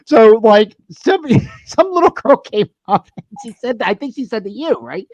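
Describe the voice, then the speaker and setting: A man hosting a podcast, telling animated party stories in casual banter, swearing and laughing often. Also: very high voice, normal speed, no echo, dull audio. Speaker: podcast host.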